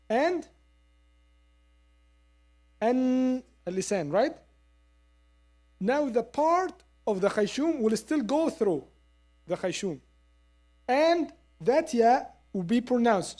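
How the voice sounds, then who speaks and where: A woman teaching Quran recitation in a lesson, explaining step by step and modelling the sounds slowly with repeats. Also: fairly high pitch, dark tone. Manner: explains step by step, asks listeners to agree. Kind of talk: classroom lesson.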